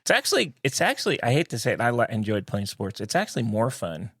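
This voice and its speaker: Animated, cursing middle-aged man ranting. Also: mid-range voice, fast talker, husky. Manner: profane, ranting, animated storytelling. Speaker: podcast co-host. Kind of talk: casual chat.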